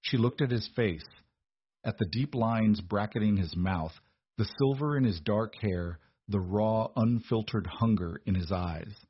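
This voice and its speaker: The narrator of this romance tale is a man whose voice is husky and low, and he keeps his reading steady and measured. Sound quality is dry and dull, free of room echo.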